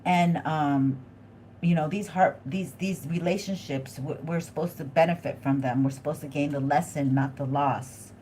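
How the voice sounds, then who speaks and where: Chatty excitable woman reading tarot live. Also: low voice, moderate pace, slight background noise. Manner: chatty, excitable, thinking aloud; addresses viewers directly. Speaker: tarot reader hosting a live stream.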